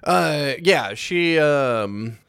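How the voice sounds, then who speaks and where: A man's voice: on the high side, animated, vocal fry, fairly bright tone, smooth, no echo, clean studio sound. A man co-hosting a podcast, chatting casually and swearing while recapping a video game. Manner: swearing, acting out characters in quick voices. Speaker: podcast co-host.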